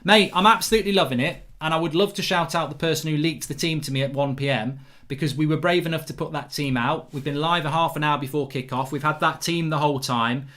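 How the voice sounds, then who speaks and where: A middle-aged man hosts a casual football fan channel stream, reading viewers' live chat comments aloud and answering them animatedly and excitably. His voice is on the high side and fast, he swears freely and often restarts his sentences.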